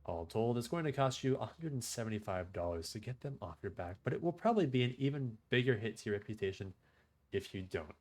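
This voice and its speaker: Relaxed male streamer reading game text. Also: medium pitch, fast talker, faint music behind. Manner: relaxed, chatty, often trailing off. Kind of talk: casual gaming stream commentary, reading game text aloud.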